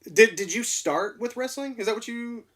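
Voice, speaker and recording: A male livestream host chatting casually, excitable and laughing often, with lots of fillers. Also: extremely high pitch, moderate pace. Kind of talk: casual chat. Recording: voice a bit distant from mic.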